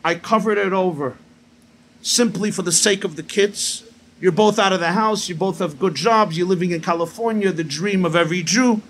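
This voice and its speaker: A man's voice: high voice, moderate pace, a bit bright, slight background noise, pitched below the performer's own voice. A man voicing an older father who is worn out and fed up with his long marriage, tired and exasperated.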